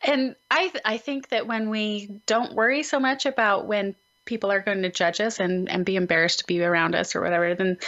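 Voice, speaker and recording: A woman's voice: medium pitch, fairly bright tone. A woman hosting a talk radio interview, introducing her guest and asking questions. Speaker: radio show host. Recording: slightly dull radio audio.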